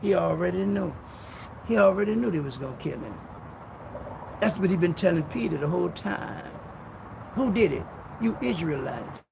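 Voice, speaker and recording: A man preaching a live-streamed sermon, fiery and rhetorical, firing questions at his listeners and reading scripture slowly and forcefully. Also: sits high, lively intonation, vocal fry, background noise.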